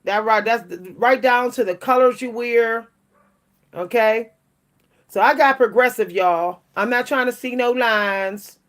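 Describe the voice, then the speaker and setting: Chatty older woman, higher voice. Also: unhurried. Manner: chatty, laughs often, frequent restarts. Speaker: vlogger and writer. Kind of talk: casual chat to camera.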